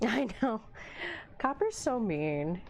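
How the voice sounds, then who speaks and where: A woman's voice: on the high side, very animated, takes it slowly. A woman hosting a live hobby stream, chatting casually while she paints, answering viewers and talking to her pets. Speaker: livestream host.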